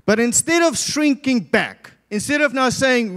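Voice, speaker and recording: A man's voice: very high voice, expressive, measured pace, few pauses, fairly bright tone. A South African man preaching a sermon as pastor, telling a Bible story and acting out the crowd's voices. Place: church hall. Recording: long church hall reverb.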